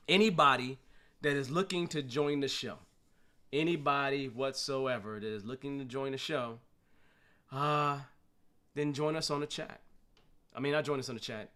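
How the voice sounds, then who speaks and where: Hosting a live streamed talk show, a Scrum trainer talks with animation about his work, laughing frequently and posing rhetorical questions. His voice sits in the mid-range with a sharp tone.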